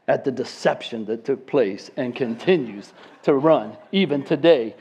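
A man's voice: medium pitch, animated, a little slow, mellow, highs cut off, slight background noise. A man in his fifties telling a long story in a sermon and acting out the people in it.

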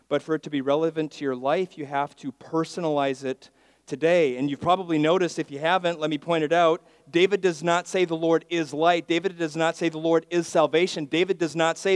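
Pastor preaching, hushed to booming. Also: male voice, dry recording. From Miami, Florida. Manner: swings from hushed asides to loud emphatic declarations; leads call-and-response with the congregation. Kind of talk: sermon.

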